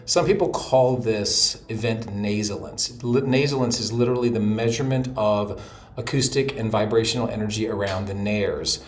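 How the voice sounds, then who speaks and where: A man from North Carolina who explains vocal technique in a calm, steady voice, hoarse from laryngitis. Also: fairly low pitch, moderate pace, a little hiss or hum. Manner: explains calmly, with short vocal demos. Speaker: voice teacher. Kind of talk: explanatory voice lesson.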